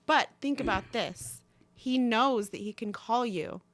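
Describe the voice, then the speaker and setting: A woman's voice: a little high, measured pace, no room sound. Reassuring woman host, emphatic repetition. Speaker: podcast host. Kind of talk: supportive conversation.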